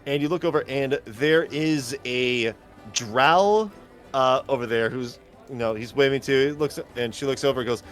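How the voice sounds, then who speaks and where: A man's voice: mid-range voice, moderate pace, faint music behind. A man running a tabletop game as game master, narrating casually and thinking aloud.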